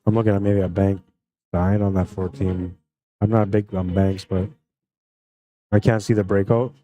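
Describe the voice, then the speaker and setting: A man commentating a live pool tournament stream in a relaxed, friendly way, reading out chat comments between shots. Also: low voice, normal speed, muffled recording. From Canada.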